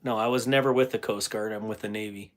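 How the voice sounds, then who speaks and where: A man's voice: lowish voice, steady tone, quick pace. A middle-aged man chatting casually on a livestream, reading viewer comments aloud and laughing often. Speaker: livestream host.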